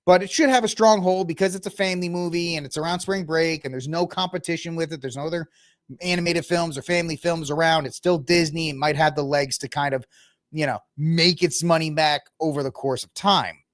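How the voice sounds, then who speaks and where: A talkative man hosts his own podcast, rambling casually from topic to topic and speaking right to his listeners. His voice sits a little high for a man. The sound is dry and close, with no room echo. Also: steady tone, brisk. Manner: chatty, rambling, talks to the audience while browsing the web. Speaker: podcast host. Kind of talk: casual solo commentary.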